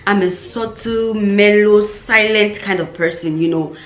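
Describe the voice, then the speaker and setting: Woman vlogger, lively storyteller, recorded in an echoey room. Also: medium pitch, a little slow. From Cameroon. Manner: animated storyteller acting out quoted voices. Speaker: YouTuber. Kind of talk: storytime vlog. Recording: roomy echo.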